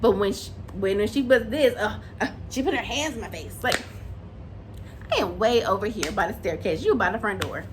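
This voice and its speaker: A woman giving an animated, opinionated recap of a reality show and acting out what the cast said. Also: mid-range voice, normal speed, background noise. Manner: animated, opinionated, acts out quotes. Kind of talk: casual recap and commentary.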